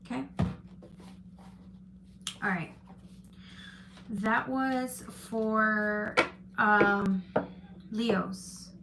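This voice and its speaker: A woman's voice: medium pitch, extremely slow, pauses often, background noise. A woman giving a live-stream tarot reading, chatting loosely and reading out viewer comments with frequent restarts. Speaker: tarot reader.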